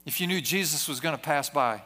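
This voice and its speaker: A man's voice: fairly high pitch, fairly quick, bright, forceful tone. A man preaching a sermon in a church service, earnest, often repeating his words as he builds a point. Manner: earnest preaching with frequent word repetitions. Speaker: pastor.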